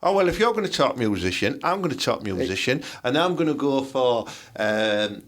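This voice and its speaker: Lively Teesside man bantering crudely. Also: medium pitch, moderate pace. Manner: lively, swooping delivery with frequent laughs and crude jokes. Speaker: podcast co-host.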